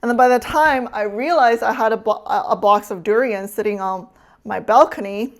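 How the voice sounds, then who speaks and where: A woman's voice: fairly high pitch, moderate pace. A woman streamer chatting casually with her chat while cooking, teasing and laughing often.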